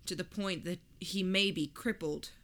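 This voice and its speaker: A woman voicing a calm male reverend who speaks gravely, slowly and with pauses. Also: on the low side.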